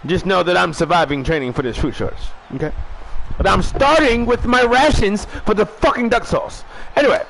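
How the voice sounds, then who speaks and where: A man hosting a wrestling show, shouting a rambling profane comic monologue, stuttering at times and eating while he talks. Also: high voice, creaky, slight background noise, low-quality recording. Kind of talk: loud profane comedic monologue.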